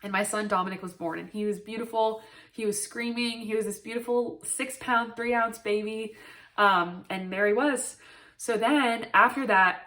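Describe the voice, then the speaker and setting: A woman's voice: a little high, fairly even intonation, moderate pace, pushed and bright, recorded from a distance. Earnest young woman, heartfelt storytelling. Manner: earnest, emotional, frequent "like" fillers. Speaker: new mother telling her birth story. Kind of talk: personal storytelling to camera.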